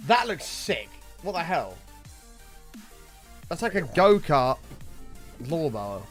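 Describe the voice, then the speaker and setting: A man's voice: on the high side, slow, faint music behind. A man chatting casually on a game livestream, reading chat and swearing often. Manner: animated, swears often, reads chat aloud. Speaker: streamer.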